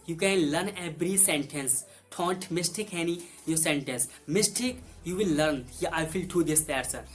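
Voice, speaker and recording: Speaking at a normal speed in a voice on the high side, this Hindi-speaking man gives an English vocabulary lesson. He says each word two times, using plain, broken English.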